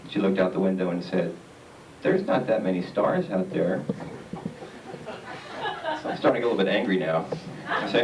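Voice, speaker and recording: A man's voice: low voice, background noise. A man doing a stand-up comedy set on stage, rambling along with plenty of hesitant filler. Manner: rambling, halting delivery with many "uh"s. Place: theater stage. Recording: echoey theater recording from far off. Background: audience laughter.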